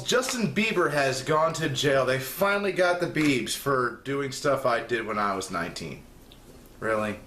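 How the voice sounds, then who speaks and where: A young man hosts a segment on a spoof news show, delivering a rambling, sarcastic comedic rant with rising exasperation. His voice is on the high side and a bit bright, with a little hiss or hum over an echoey room with faint ambience.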